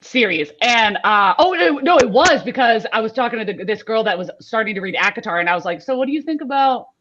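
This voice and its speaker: A woman's voice: mid-range voice, expressive, fairly quick, fairly bright tone. Rambling woman on a muffled line. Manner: rambling storyteller, many fillers. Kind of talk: casual chat.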